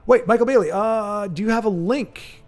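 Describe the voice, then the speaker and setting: A man with a slightly high-pitched voice hosts a casual livestream, reading out viewer comments. He rambles through animated tangents, restarting his sentences often. Soft music plays faintly behind him. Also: normal speed. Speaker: livestream host.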